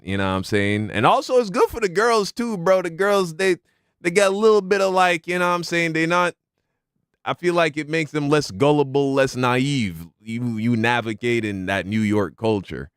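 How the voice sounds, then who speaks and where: A man's voice: a little high, expressive, moderate pace, smooth, no echo, clean studio sound. A man streaming reactions, musing aloud in a laid-back way with plenty of slang. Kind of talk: casual reaction commentary.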